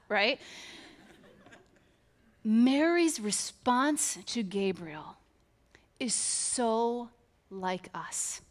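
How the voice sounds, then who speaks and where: A woman preaching a sermon, reading scripture aloud and telling it with humor and lively storytelling. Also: medium pitch, drawn-out words, long pauses.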